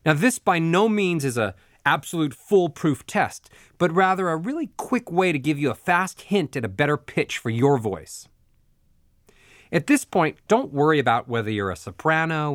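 A man teaching a spoken voice lesson, explaining clearly and giving step-by-step directions in a measured way. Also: on the high side, very animated, dry recording, studio quality. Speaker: voice coach.

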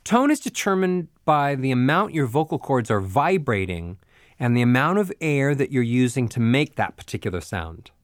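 A man coaching listeners through a voice lesson, speaking in a steady, instructive way at a middling pitch. He lays out each step plainly. His voice is close and dry, with no room sound. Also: no echo. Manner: measured, instructive, gives step-by-step directions. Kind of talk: spoken voice lesson.

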